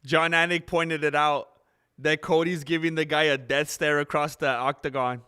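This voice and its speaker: A young man hosting a live stream, joking and reacting excitably as he comments on fights. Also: a little high, moderate pace, clear, resonant tone. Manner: excitable, joking, laughs often.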